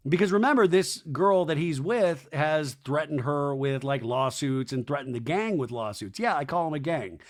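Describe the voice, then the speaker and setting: Man, podcast host, gossipy recap, lively swoops, fairly high voice. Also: moderate pace, few pauses. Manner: animated, gossipy, swears. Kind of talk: casual reality-TV recap.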